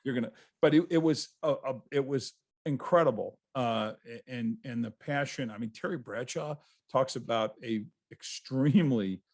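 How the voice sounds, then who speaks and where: A man's voice: medium pitch, normal speed. A man, a guest author, telling stories in a casual interview over a video call, rambling and restarting his sentences.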